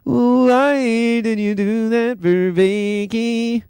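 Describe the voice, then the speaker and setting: A man putting on a high, whiny voice for a pedantic know-it-all reading out a text. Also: steady tone, extremely slow, a little mellow, smooth, dry recording, studio quality, exaggerated voice.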